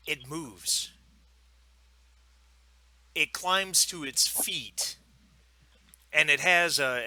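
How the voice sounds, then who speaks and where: Bright-voiced man running a tabletop game. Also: a little high. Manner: relaxed, explains rules with many fillers. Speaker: game master.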